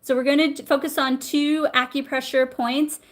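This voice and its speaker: A woman's voice: high-pitched, level tone, normal speed. Chatty woman teaching acupressure live. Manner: warm, chatty, reads viewer comments aloud. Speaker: acupressure instructor. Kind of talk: live-streamed health lesson.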